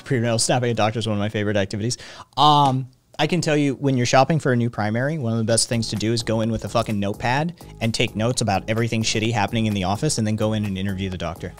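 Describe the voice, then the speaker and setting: A man's voice: on the low side, racing, soft background music. A man streaming live from home, chatting with viewers in a profane, ranting way. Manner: profane, ranting, talks to chat. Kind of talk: casual live-stream chat.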